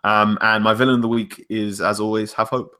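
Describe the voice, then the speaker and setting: A man's voice: on the low side, flat delivery, a little fast, sharp tone. A man co-hosting a casual football podcast, opinionated and chatty. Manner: opinionated, names hero and villain of the week. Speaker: podcast co-host.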